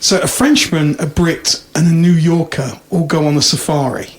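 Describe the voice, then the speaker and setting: A man's voice: fairly high pitch, fairly even intonation, normal speed. A man co-hosting a podcast, chatting casually and telling jokes in a playful manner, often laughing. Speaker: podcast co-host. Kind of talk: casual chat and joke-telling. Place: room in a club. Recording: roomy echo, faint noise.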